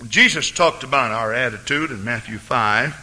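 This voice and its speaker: A man preaching a fervent sermon as pastor of his church, rising to excited peaks. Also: mid-range voice, normal speed.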